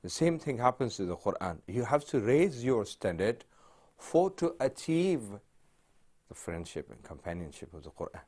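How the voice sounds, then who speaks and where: A man giving an earnest, devout talk as a Quran recitation teacher, halting with restarts and swelling into emotional emphasis. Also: medium pitch, big pitch swings, a little mellow. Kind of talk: devotional talk.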